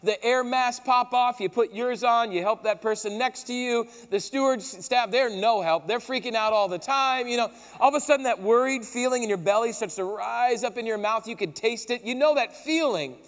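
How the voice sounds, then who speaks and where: High-voiced pastor in an echoing hall. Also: male voice, normal speed, hardly any pauses. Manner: casual, animated storytelling with slang. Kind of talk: sermon. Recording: long hall reverb.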